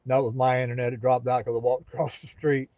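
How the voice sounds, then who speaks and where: A middle-aged man with a thick Southern drawl talks easily to his live-stream viewers, folksy and unhurried. His voice sits mellow and soft-edged, caught dry and close on a dull, lo-fi phone mic. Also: mid-range voice, flat delivery, no echo. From Gulf Coast of Florida. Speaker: livestream host. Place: outdoors near a pasture.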